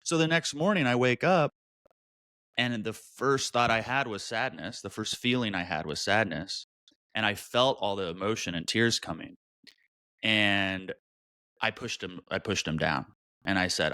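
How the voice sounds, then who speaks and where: A man in a candid interview, telling stories with lively energy and swinging up into high, exaggerated tones when he quotes himself or others. His speaking voice sits low, and the recording is dry with no room sound. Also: normal speed, dry recording. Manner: animated, expressive, jumps into high pitch for quoted voices. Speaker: guest, mental health advocate.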